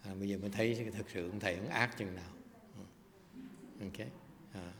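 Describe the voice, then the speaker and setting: A man's voice: lowish voice, fairly even intonation, a crowd in the background. Man teaching in a reverberant hall. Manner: halting, with many fillers and restarts. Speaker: Buddhist dharma teacher. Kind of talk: bilingual dharma lecture. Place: hot lecture hall without air conditioning.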